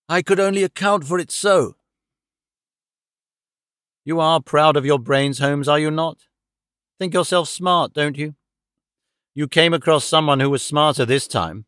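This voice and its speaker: A man's voice: a little high, measured pace, long pauses, fairly bright tone, dry recording, clean studio sound. A man voicing a cold, gloating middle-aged male villain who mocks and menaces his dying victim. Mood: menacing. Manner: sneering, menacing, mocking.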